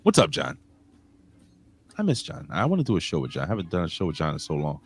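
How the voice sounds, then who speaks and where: A man's voice: low-pitched, huge pitch swings, fast talker, slightly rough. A man hosting a casual wrestling podcast, joking around and calling out names from the live chat. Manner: shouts out chat commenters, jokey, swings loud and quiet. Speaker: podcast host.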